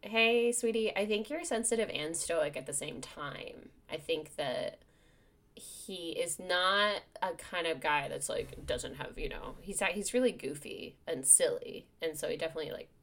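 A woman's voice: fairly low pitch, measured pace, a bit bright. A woman hosting a podcast in casual chat, self-mocking and full of fillers. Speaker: podcast host.

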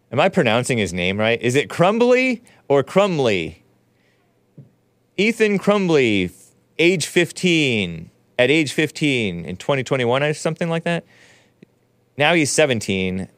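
Guy hosting a show, slow and smooth, dry close mic, rambling sarcastic commentary. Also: medium pitch, no echo. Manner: sarcastic, rambling, with frequent laughs and asides. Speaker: show host. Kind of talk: casual commentary monologue.

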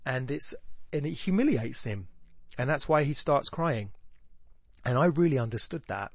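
A man's voice: mid-range voice, animated, normal speed, dry recording. A man hosting a podcast, thinking aloud in a rambling, reflective way with frequent restarts. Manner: thoughtful, rambling, with many restarts. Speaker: podcast host. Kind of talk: casual reflective monologue.

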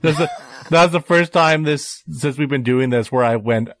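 Excitable rambling male podcast co-host. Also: a little high, normal speed, no echo. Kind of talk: casual review chat.

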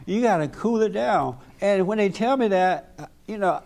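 A man's voice: sits high, expressive, moderate pace, creaky, a little mellow. A man leading a group talk as pastor, preaching emphatically and laughing often.

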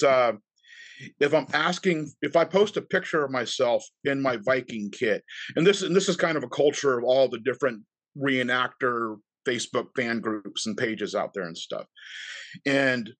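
A man's voice: mid-range voice, fairly bright tone, dry recording. Stammering man in his fifties, dry sound. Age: 50s. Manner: stammering, repeats words, laughs often. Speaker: reenactment group leader, podcast guest. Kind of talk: casual interview chat.

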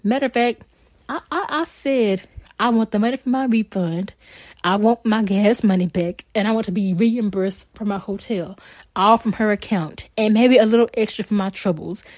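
A woman's voice: medium pitch, normal speed, a little mellow, no room sound. A young woman, bluntly and heatedly telling a story on a casual podcast, swearing freely. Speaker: podcast co-host.

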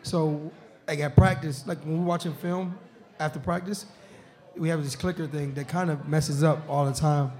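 A man's voice: a little high, steady tone, moderate pace, a little mellow. A man chatting casually on a live podcast taped in a restaurant, laughing often and filling with "you know what I'm saying". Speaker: pro football player, show guest host. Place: restaurant during a live show.

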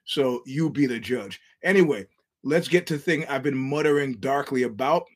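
A man's voice: mid-range voice, moderate pace. A man hosting his own podcast, rambling through a wry, chuckling solo monologue with frequent restarts. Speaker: podcast host.

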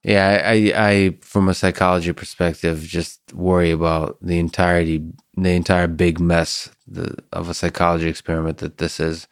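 A man's voice: low voice, little pitch movement, normal speed, hardly any pauses, no echo, studio quality. A man hosting an interview, musing thoughtfully and asking questions. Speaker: podcast host. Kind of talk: casual interview conversation.

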